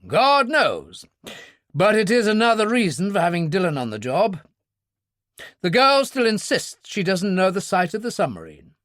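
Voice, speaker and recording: A man doing a brisk, unflappable old brigadier. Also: high-pitched, no room sound, clean studio sound, pitched above the performer's own voice. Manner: calm, clipped, commanding. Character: brisk older British male brigadier, unflappable.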